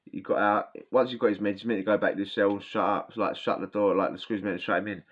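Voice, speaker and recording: A man's voice: lowish voice, steady tone, fast. A man telling prison stories in a rambling, slangy way, often restarting his sentences, with a sore throat. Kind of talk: casual storytelling. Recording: dull lo-fi sound.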